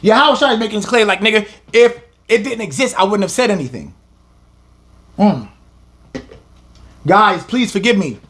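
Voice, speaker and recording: A man teaching a scripture lesson with fiery passion, his voice breaking up as he shouts. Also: high voice, lively intonation, normal speed, pauses often. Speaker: religious teacher.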